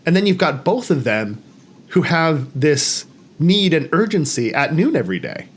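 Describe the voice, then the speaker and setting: A man on a podcast talks casually through a movie, animatedly acting out the characters' lines in a raised voice. His voice is a little high and moves at a moderate pace, with slight background noise.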